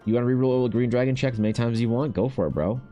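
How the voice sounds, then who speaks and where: A man streaming while he paints, chatting casually and ranting with animated swearing. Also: mid-range voice, very fast, soft background music. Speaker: artist streamer.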